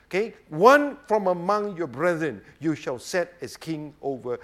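A man preaching a sermon, emphatic and rhetorical, often checking with his listeners. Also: on the high side. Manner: emphatic, rhetorical, keeps asking "right?" and saying "obviously".

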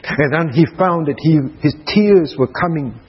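A man preaching a sermon at a prayer retreat, dramatic, dropping to soft hushed passages. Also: on the high side, expressive, moderate pace, breathy edge, dull audio.

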